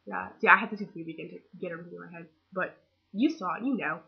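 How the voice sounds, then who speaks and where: A teenage girl gushing about a movie in a casual webcam vlog, excitable and full of fangirl chatter. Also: lowish voice, rapid-fire, gravelly, husky, highs cut off. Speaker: vlogger.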